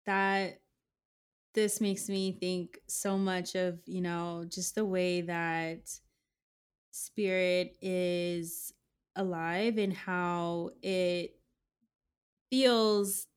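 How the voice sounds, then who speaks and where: A woman hosting a podcast interview, affirming her guest and asking questions in a slow, drawn-out way. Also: lowish voice, flat delivery, clean tone. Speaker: podcast host. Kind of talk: conversational interview.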